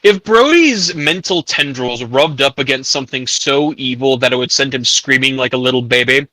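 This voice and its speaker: Bright-voiced man running a tabletop game. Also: medium pitch, lively intonation, moderate pace, no room sound, low-quality recording. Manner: describes scenes, stops players to clarify. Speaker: game master.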